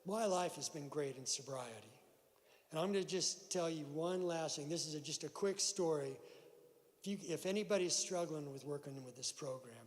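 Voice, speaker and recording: Man, storytelling at a meeting, slightly high voice, echoing hall. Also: moderate pace. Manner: animated storyteller acting out voices. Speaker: recovery meeting speaker. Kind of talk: personal story told at a meeting. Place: church hall. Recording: long hall reverb.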